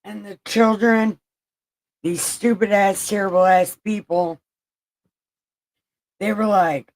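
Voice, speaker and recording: A woman's voice: fairly low pitch, steady tone, slow pace, pauses often, rough recording. A woman hosting an irreverent comic scripture reading, with profane, giggly asides. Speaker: host.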